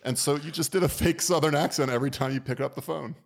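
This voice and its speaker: A man hosting a podcast, telling wry, joking work stories in a relaxed way. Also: on the high side, fast talker, vocal fry. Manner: wry, anecdotal, does comic voices. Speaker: podcast host. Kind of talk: casual storytelling.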